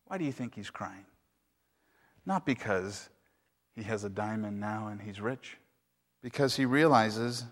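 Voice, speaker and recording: A man's voice: lowish voice, expressive, a little slow, pauses often. A man pastor preaching a sermon, telling a story in a conversational way with asides to the congregation. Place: church sanctuary. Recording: echoey hall reverb.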